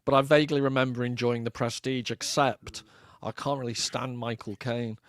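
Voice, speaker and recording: A man co-hosting a casual film chat, animated and fond of quoting lines. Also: mid-range voice, normal speed, a crowd in the background. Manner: chatty, animated storyteller, quotes film lines. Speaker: podcast co-host.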